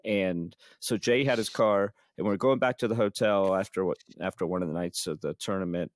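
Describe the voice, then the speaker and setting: A man's voice: sits low, brisk, no room sound. Rambling man telling a story. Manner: rambling, laughs often. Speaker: podcast host. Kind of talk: casual storytelling chat.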